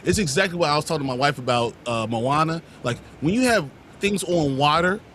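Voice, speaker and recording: A man on a podcast panel with a slightly higher-pitched voice, giving rambling, thoughtful takes. He restarts his sentences often, with a faint noise behind him. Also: animated, fairly quick, a bit bright. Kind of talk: casual chat.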